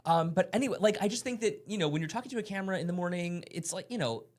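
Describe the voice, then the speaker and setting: A chatty woman hosting a morning TV show. Her pitch jumps around a lot, and her talk is bubbly and full of quick asides. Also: lively intonation, a little mellow. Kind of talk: casual chat.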